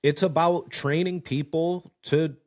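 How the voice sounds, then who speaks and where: A man's voice: fairly high pitch, steady tone, measured pace, a little mellow. A man who owns auto repair shops, talking casually as a podcast guest. He tells stories with energy, swears freely and acts out the people he quotes. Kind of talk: casual conversation.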